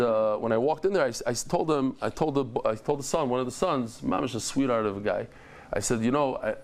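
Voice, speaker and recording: A middle-aged man teaching a daily Talmud class, animated, telling stories with lively joking asides. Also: mid-range voice, a little hiss or hum.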